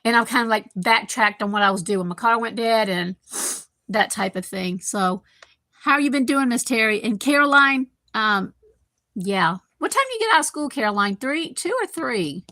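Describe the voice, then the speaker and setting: A woman's voice: fairly high pitch, expressive, normal speed, pushed and bright, no echo. Chatty woman in her fifties. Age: 50s. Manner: rambling, chatty, talks to viewers by name. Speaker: live-stream host. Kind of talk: casual live-stream chat. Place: home kitchen. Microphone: computer microphone.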